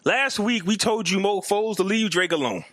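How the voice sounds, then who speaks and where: Brief: man in his thirties, teasing co-host, lively swinging pitch, somewhat high. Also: moderate pace. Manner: animated, playful, teasing. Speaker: podcast co-host. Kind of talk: casual chat.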